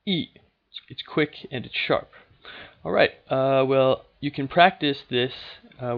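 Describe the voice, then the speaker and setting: A man's voice: mid-range voice, gravelly. Patient man teaching, lo-fi audio. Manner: patient, steady, with frequent "okay" and "uh". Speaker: language teacher. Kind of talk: unscripted explanatory lesson.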